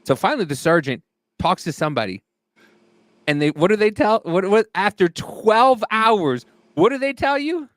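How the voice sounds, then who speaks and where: A man co-hosting a casual chat, telling a story in an animated, swearing way and acting out angry quotes. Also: sits high, normal speed, no room sound. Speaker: podcast co-host.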